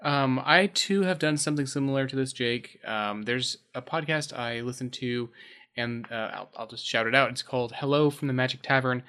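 Man, podcast co-host, bright tense tone, chatty, laughs easily. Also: medium pitch, moderate pace, clean tone. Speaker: podcast co-host and game master. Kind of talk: casual podcast chat.

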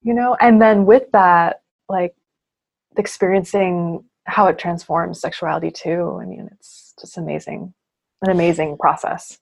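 Brief: woman interview guest, low voice, earnest and reflective, casual phrasing. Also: steady tone, measured pace, vocal fry. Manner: earnest, reflective, leaning on "you know" and "I mean".

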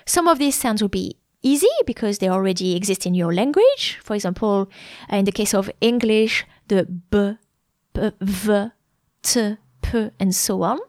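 A woman's voice: mid-range voice, animated, a little fast, darkish tone, no room sound, clean studio sound. A woman in her thirties with a French accent, a French teacher explaining her course in a chatty way, often stopping to say sample sounds. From France. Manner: chatty, many fillers, demonstrates sounds.

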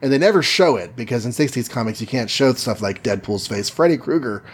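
A man in a relaxed podcast chat, retelling a comic-book plot with a jokey, rambling manner. His speech is loose and peppered with fillers, and his voice sits at an ordinary middle pitch. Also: brisk, slightly rough. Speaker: podcast co-host. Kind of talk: casual comic-book recap.

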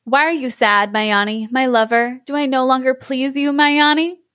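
Woman putting on a lilting storybook maiden, devoted and brave, high voice. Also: level tone, moderate pace, fairly bright tone, clean tone, no room sound, studio quality. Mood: tender. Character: devoted young fairy-tale sweetheart, bold and fearless.

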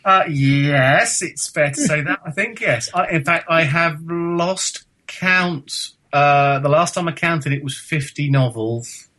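Man, guest author, measured, polite, wry, podcast interview. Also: fairly high pitch, sharp tone. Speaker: guest, novelist.

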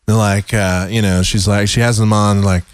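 A man's voice: fairly low pitch, little pitch movement, moderate pace, clear, resonant tone, dry recording, clean studio sound. A man hosting a comedic talk radio show, ranting sarcastically. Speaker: radio host.

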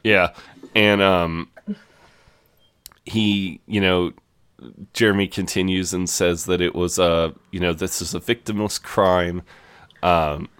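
A British man co-hosting a podcast, recapping a TV episode in a halting casual way with many fillers. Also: sits low, fairly even intonation, a bit bright, smooth. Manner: halting with fillers like uh, you know. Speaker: podcast co-host.

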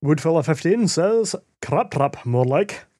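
A man's voice: fairly high pitch, animated, mellow. A man co-hosting a casual podcast, reading out listener messages. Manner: reads listener messages out slowly. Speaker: podcast co-host.

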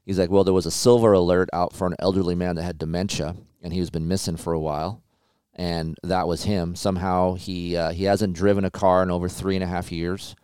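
A man's voice: sits low, little pitch movement, brisk, few pauses, darkish tone, clear, resonant tone, no room sound, studio quality. A man hosting a podcast, telling a story casually with frequent swearing. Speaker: podcast host. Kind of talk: casual chat.

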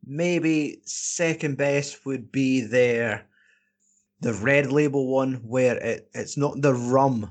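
A man talks beer with his co-host in loose, blunt banter. He swears freely and teases without much filter, and his voice sits at an ordinary pitch for a man. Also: slow. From Scotland. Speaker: podcast co-host. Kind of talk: casual beer podcast banter.

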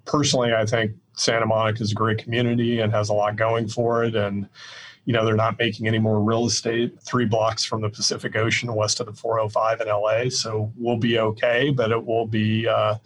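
An older real estate executive from Iowa in the Midwest answers a podcast interviewer's questions in a measured, plainspoken way, using frequent fillers. His voice sits on the low side and his delivery is flat. The recording is rough.

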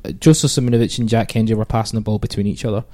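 A man's voice: fairly low pitch, steady tone, very fast, dark tone. A man hosting a casual football podcast, talking in a hesitant, filler-heavy, exasperated way. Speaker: podcast host.

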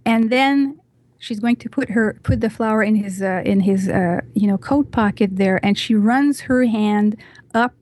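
Speaking at an unhurried pace with a medium-pitched voice, this podcast guest, a woman, talks casually while animatedly recounting a scene from a movie. She leans heavily on the filler "you know."

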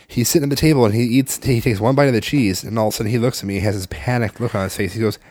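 Rattling along rapid-fire in a fairly low voice, a thirtysomething man relates a family tale with curses and lively impressions of the people in it. There is no echo on the recording.

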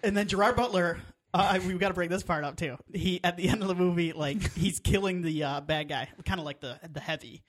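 A man's voice: high voice, fairly quick, hardly any pauses. A man co-hosting a casual movie podcast, recounting scenes with frequent laughter. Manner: amused, laughs often while recounting. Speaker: podcast co-host.

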